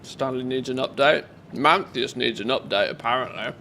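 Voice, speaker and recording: Gravelly male game streamer thinking aloud. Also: mid-range voice, normal speed, bright, forceful tone, slight background noise. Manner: thinking aloud, chatting with viewers. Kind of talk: casual live-stream commentary while playing.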